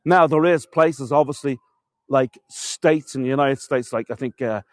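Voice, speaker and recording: Out in a castle courtyard, an Irish tour guide leads a live walking tour, sharing history in a chatty, storytelling manner and calling his viewers "folks." His voice sits at medium pitch, his pace is moderate, and there's no echo.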